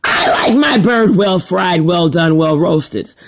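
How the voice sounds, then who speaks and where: An older woman ranting on a vlog in an animated, mocking way. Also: slow. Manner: animated and mocking, with wide pitch swings. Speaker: vlogger.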